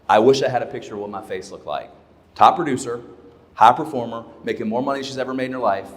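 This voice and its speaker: A man's voice: mid-range voice, fast. Emphatic male keynote speaker in a hall. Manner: emphatic storyteller who repeats key points. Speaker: leadership speaker. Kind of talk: keynote talk to a live audience. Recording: long hall reverb.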